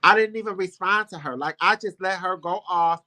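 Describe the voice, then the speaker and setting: A man's voice: sits high, normal speed, sharp tone. A man hosting a casual talk show, telling a personal story in a heartfelt, rambling, emphatic way. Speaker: show host.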